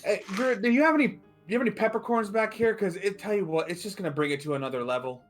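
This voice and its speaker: A man's voice: high-pitched, quick pace, soft background music, pitched above the performer's own voice, natural voice. A man voicing a laid-back character who is obsessed with cooking and talks with a casual, joking swagger.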